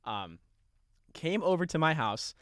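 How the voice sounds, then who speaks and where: A man's voice: a little high, a little slow, no echo, studio quality. A young man hosting a podcast, telling a story casually with lots of swearing and frequent laughter. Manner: profane, laughing often, animated retelling. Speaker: podcast host.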